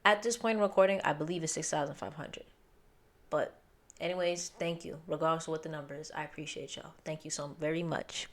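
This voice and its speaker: Lady doing an album reaction, chatty and animated, kinda low voice. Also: brisk. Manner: chatty and animated, swears casually, talks to viewers directly. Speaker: music reaction YouTuber. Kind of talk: casual chat, reacting to an album. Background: faint music from the album.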